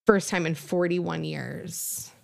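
A woman's voice: fairly low pitch, steady tone, slow, creaky. A young woman co-hosting a casual podcast, telling stories in a chatty way with lots of fillers. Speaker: podcast co-host. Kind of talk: casual chat.

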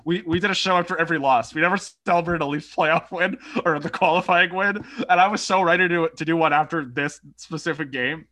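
A man's voice: on the high side, a little fast, hardly any pauses, sharp tone. A young man co-hosting a casual sports podcast, telling a story animatedly with swearing and laughter. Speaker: podcast co-host. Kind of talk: casual chat.

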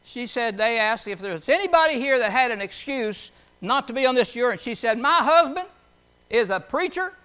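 A man's voice: very high voice, a little fast, sharp tone, smooth. A man preaching a folksy sermon, reading scripture and telling homely stories, often putting questions to his listeners in a conversational way.

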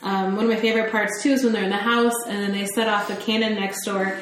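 A woman on a film podcast panel, talking modestly in quick run-on sentences. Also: mid-range voice, steady tone. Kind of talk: casual film discussion. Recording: echoey, off-mic with faint room noise.

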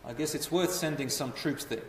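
A man's voice: fairly high pitch, normal speed, lightly acted. A man quoting a proud Persian emperor, echoey and distant. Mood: commanding. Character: haughty male Persian emperor, proud and easily angered. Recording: echoey hall, voice from far off.

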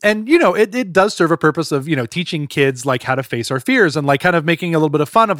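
Enthusiastic man on a podcast, slightly high. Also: very animated, quick pace, hardly any pauses, a bit bright, no echo, clean studio sound. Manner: enthusiastic, chatty, fond of tangents. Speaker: podcast co-host. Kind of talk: casual chat.

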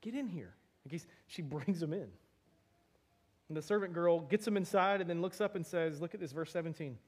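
High-voiced male pastor, animated conversational sermon, acts out scripture dialogue. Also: fairly quick, slightly rough.

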